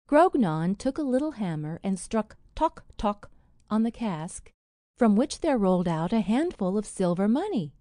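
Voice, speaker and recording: Woman reading an old fairy tale, lively up-and-down voice, dry close sound. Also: mid-range voice, no echo. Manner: expressive, reads quoted lines with feeling. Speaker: narrator. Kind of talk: storybook narration.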